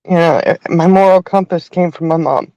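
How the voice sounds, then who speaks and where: A middle-aged woman hosting a livestream, talking in a halting, heartfelt way and crying at times. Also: fairly low pitch, warm tone, no echo, lo-fi sound. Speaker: livestream host. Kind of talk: emotional livestream talk.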